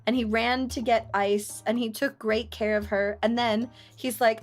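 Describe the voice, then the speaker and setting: A young woman streamer chatting casually, telling family stories with playful, loud acted-out quotes. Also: fairly high pitch, fairly even intonation, measured pace, faint music behind. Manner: chatty storytelling, playful, acts out quotes loudly. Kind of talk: casual chat.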